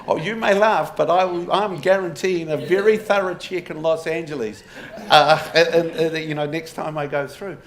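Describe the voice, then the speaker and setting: Speaking in a pub before a live audience, this man tells stories full of wry humour and rhetorical questions in a public lecture. His voice sits on the high side with fairly even intonation, a moderate pace, and a fairly bright tone. Laughter and faint room noise fill the background.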